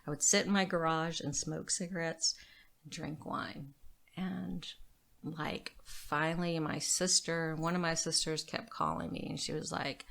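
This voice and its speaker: Woman, middle-aged, podcast guest, low-pitched, gravelly fry, candid storytelling, soft near whisper. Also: steady tone, normal speed. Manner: soft, often drops to a near whisper while recounting.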